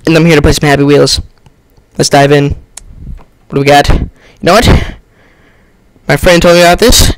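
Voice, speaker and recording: A young man on a headset giving excitable let's-play commentary, yelping and laughing as he plays. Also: on the high side, normal speed, pauses often, dry recording. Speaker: gamer.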